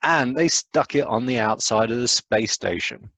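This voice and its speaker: A man giving an enthusiastic live science lecture over a video call, talking quickly with lots of fillers and asides. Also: mid-range voice, a bit bright, no echo, rough recording. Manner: enthusiastic, fast, rambling with fillers.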